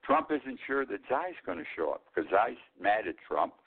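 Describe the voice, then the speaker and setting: Host in his eighties, opinionated and rambling, a low voice with a wide swing, heard over a tinny line. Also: very animated, normal speed, breathy edge. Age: 80s. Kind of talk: political commentary monologue.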